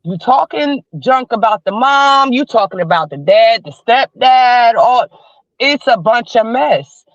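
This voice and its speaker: A woman's voice: on the high side, expressive, unhurried, no echo. A woman in her forties, calling in as a livestream guest, giving heated commentary in blunt, emphatic slang. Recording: slightly dull dry stream audio.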